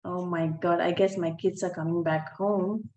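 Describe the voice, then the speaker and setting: A woman teaching a recorded online phonics lesson, sounding out words slowly and breaking off with apologetic asides. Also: on the low side, fairly even intonation, warm tone, roomy sound, a little hiss or hum. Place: holiday home by the sea, waves audible.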